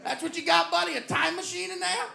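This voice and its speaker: Comic doing a raspy, high-pitched, yelling old coot, incredulous and scornful. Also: male voice, steady tone, quick pace, reverberant, soft background music, full character voice. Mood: indignant ranting. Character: cranky old male New Yorker, shouting and indignant.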